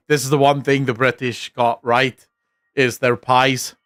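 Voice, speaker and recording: A man's voice: mid-range voice, little pitch movement, unhurried, a bit bright, no echo, clean studio sound, soft background music. A young man chatting casually on his stream, rambling and swearing freely. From South Africa. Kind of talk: casual chat reacting on stream.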